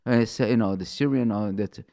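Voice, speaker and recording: A man's voice: lowish voice, fairly quick, vocal fry, warm tone, in a large hall. A man on a radio talk show, eagerly jumping in with explanations and stumbling over his phrasing, repeating words as he goes.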